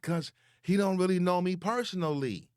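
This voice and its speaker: A young man, ranting slowly and profanely as he calls someone out online, repeating words for emphasis. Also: sits high, smooth, dry recording, clean studio sound. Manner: slow, taunting and profane. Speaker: online commentator. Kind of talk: confrontational call-out rant.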